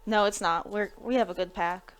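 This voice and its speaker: Woman host, casual streamer chat, mid-pitched, loose and chatty, laughs easily. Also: fairly even intonation, normal speed, slight background noise. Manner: chatty, thinking aloud, laughing between remarks. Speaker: live-stream pack opener.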